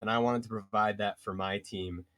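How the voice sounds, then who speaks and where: Man, game-show player, playful and theatrical, mid-pitched voice, dry sound. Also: steady tone, normal speed, a bit bright, no room sound. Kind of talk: casual live-stream chat.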